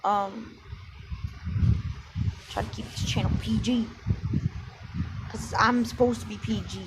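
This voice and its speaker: A woman's voice: mid-range voice, steady tone, slow. A woman casually retelling a fan story, rambling and self-deprecating, with lots of ums and likes. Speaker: channel host. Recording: background hiss.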